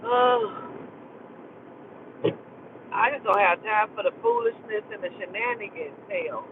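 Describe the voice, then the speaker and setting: A man live-streaming from inside a car, telling a story in an animated and profane way, full of exclamations. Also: sits high, a little slow. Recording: tinny phone audio with faint vehicle noise.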